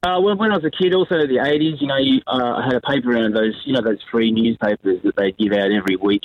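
A man's voice: mid-range voice, fast talker, no echo, muffled recording. A man with an Australian accent calling a radio show, telling a story hesitantly with many fillers. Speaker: caller. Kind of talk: phone-in anecdote.

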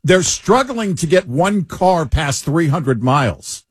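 Husky co-host man, animated delivery. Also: fairly high pitch, slow, no room sound, studio quality. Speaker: radio co-host. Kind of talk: political radio talk.

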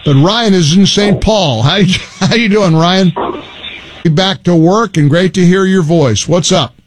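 A man hosting a talk radio show, mocking a news story and then doing a lively live-read ad in a sarcastic, salesy way. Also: high-pitched, unhurried, a crowd in the background.

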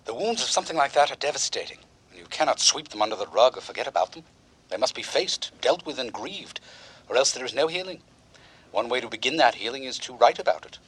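An actor playing a psychologist on Christian radio, speaking in a grave, measured way. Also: male voice, mid-range voice, big pitch swings, fairly bright tone, breathy edge, low-quality recording. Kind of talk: radio counselling talk.

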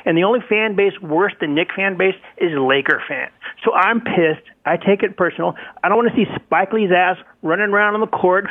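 A man's voice: sits high, brisk, few pauses. A man calling in to a sports radio show, fired up, talking bitter trash. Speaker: caller. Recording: tinny phone line.

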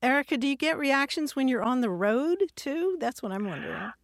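A woman's voice: high-pitched, animated, a little fast, no echo, studio quality. A woman co-hosting a radio word show, explaining word origins and laughing as she talks. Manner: warm explanatory, laughs while talking. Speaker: radio co-host, word expert.

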